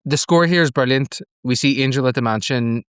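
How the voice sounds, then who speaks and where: Guy on a podcast, mid-pitch voice, dry close sound, swears a lot while recapping. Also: fairly quick, fairly bright tone, clear, resonant tone, dry recording. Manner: chatty, swears freely, retells scenes with laughs. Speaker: podcast host. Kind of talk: casual episode recap and commentary.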